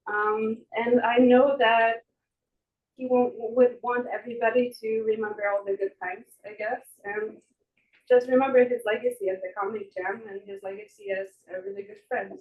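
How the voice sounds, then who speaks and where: A woman's voice: on the high side, fairly even intonation, normal speed, slight background noise. A woman speaking at a memorial for a friend, hesitant with many fillers. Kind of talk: shy personal tribute. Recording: tinny, echoey, distant phone-like call.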